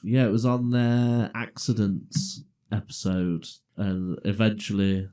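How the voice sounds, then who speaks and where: Casual podcast co-host, middle-aged man, low and mellow, spinning an anecdote. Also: flat delivery, slow, smooth. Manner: laughs through his own story, acts out quoted voices. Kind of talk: casual storytelling chat. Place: garage.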